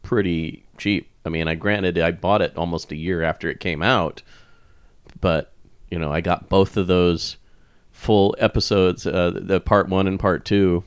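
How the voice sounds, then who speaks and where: A man's voice: sits low, fairly even intonation, measured pace, clear, resonant tone, dry recording. A man co-hosting a casual podcast, talking things through at length with some fillers. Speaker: podcast co-host.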